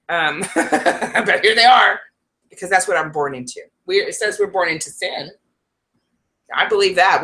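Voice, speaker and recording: A woman's voice: on the low side, bright, forceful tone. A woman hosting a casual live stream from home, chatty and laughing often between restarts. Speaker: psychic livestream host.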